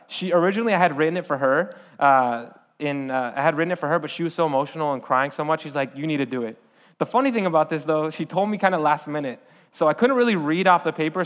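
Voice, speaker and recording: A young man, a guest speaker, giving an earnest sermon with a personal testimony, halting often with fillers and restarts. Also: a little high, a bit bright.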